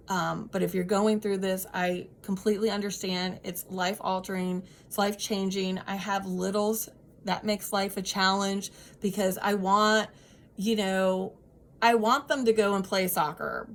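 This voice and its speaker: A woman's voice: medium pitch, slight background noise. Woman in her 30s chatting to camera, earnest, lots of ums, medium voice. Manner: earnest, heartfelt, many ums and restarts. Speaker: vlogger sharing personal experience. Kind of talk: casual advice chat to camera.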